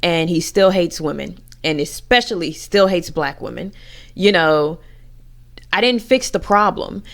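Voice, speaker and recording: A woman's voice: on the low side, unhurried, creaky. A woman giving a candid personal rant to camera, blunt and profane as she talks frankly about her own family. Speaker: vlogger.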